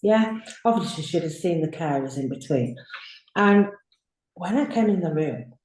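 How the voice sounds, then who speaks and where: A woman, a nurse, telling a story in a lively, chatty way over a video call, acting out what she said. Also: fairly low pitch, normal speed, reverberant, low-quality recording. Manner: lively, chatty, acts out her own quotes. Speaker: nurse guest.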